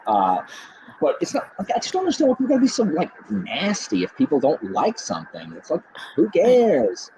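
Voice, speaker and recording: A man in casual conversation, his pitch swinging widely as he rants in quick bursts. He sounds like a book channel host chatting with friends. A faint hiss of noise sits under the voice. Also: poor audio. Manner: animated and ranting, talks fast in bursts. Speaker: booktube host. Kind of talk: casual chat on a group video call.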